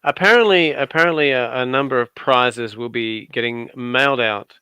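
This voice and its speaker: An Australian man with a bright, forward voice trades dry, teasing jokes as a livestream commentator. The sound is close and dry, with no room echo at all. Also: medium pitch, normal speed, smooth. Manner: playful, teasing, dry asides. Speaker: guest commentator on a craft livestream. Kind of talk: casual joking livestream commentary.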